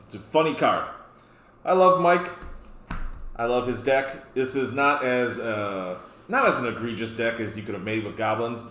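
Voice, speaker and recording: A man's voice: mid-range voice, moderate pace, a bit bright. Man, middling voice, jokey rambling card game host in an echoey room. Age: adult, past his youth. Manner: joking, rambling asides. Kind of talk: casual deck walkthrough. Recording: roomy echo.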